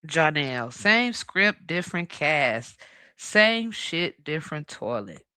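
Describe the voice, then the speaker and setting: A woman host with a bright, lively voice and a gravelly edge trades sassy quips in casual talk show banter. The sound is dry and close. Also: low voice, slow, no room sound. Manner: sassy, quips with sayings and "honey".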